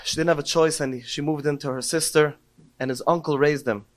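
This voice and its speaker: His pitch is fairly high and his intonation fairly even, and he moves briskly. The middle-aged podcast speaker shares stories in a heartfelt Torah talk, his voice swelling into emotional cries over quoted prayers.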